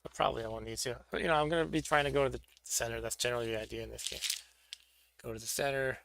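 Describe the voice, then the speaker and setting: A man's voice: medium pitch, steady tone, racing, vocal fry, a bit bright, a little hiss or hum. A man hosting a board game stream, chatting casually and thinking aloud as he sets up pieces for a solo game. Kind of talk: casual solo play-through commentary.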